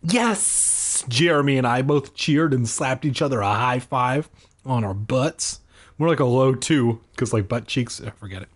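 A man's voice: medium pitch, expressive, a little slow. A man reading a children's book aloud, cutting in with sarcastic jokes. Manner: sarcastic, jokey interruptions. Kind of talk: comedic book reading with asides.

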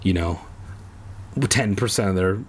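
A man's voice: low-pitched, a little slow, breathy edge. A man from Southern California who reads a children's horror book aloud as host and breaks off into sarcastic, rambling, crude asides. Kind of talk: comic reading with crude asides.

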